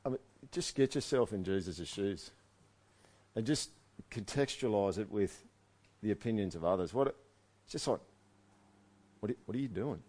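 A male pastor preaching to a congregation in a casual, conversational way. He reads a passage aloud, then jumps into animated asides that rise loud and high before he drops back to a quiet, low reading voice. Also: normal speed, long pauses. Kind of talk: sermon reading and commenting on scripture.

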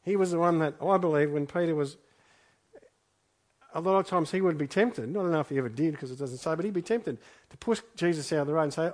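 Earnest preaching man, slightly high voice. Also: fast, darkish tone. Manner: earnest, repeats phrases for emphasis. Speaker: pastor. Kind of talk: sermon with scripture reading.

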